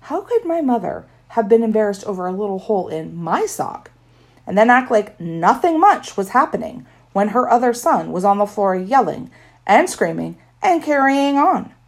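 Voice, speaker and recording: A woman's voice: medium pitch, big pitch swings, moderate pace. A woman narrating a children's story in first person with a wry tone. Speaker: audiobook narrator.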